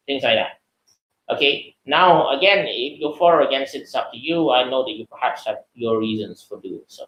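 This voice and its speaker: A man with a Malaysian English accent giving a webinar lecture, lively and animated, acting out the voices of people he quotes. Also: moderate pace, dull audio. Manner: lively, acts out quoted voices in high pitch. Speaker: seminar speaker. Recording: echoey room.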